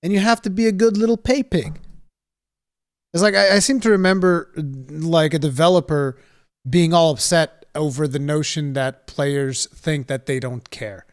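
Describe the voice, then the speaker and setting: A man's voice: on the high side, fairly even intonation, normal speed. A man giving a ranting reaction commentary, sarcastic, exasperated and full of profanity. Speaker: reaction streamer.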